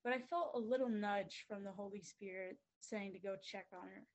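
A woman's voice: medium pitch, normal speed, darkish tone, rough recording. A woman who coaches basketball, giving an earnest faith-based motivational talk and repeating phrases for rhythm. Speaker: basketball coach and guest speaker.

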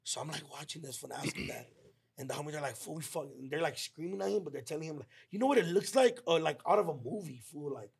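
Podcast co-host, male, gravelly and husky, casual slangy storyteller who acts out quotes. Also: on the high side, lively intonation. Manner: slangy and heartfelt, acts out friends' lines in quick quoted bursts.

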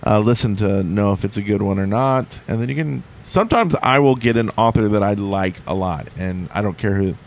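A man's voice: on the low side, a little fast, hardly any pauses. A man hosting a podcast, chatting casually and reading ads in a rambling, jokey way. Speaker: podcast host. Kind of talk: casual chat and read ads.

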